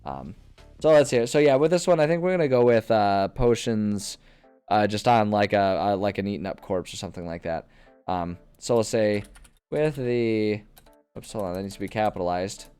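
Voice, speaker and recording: A man's voice: lowish voice, moderate pace, darkish tone, clean tone, soft background music. A man streaming from his desk at home, chatting casually and thinking aloud, rambling and correcting himself as he plans a tabletop campaign. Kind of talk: casual live-stream chat. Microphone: desk microphone.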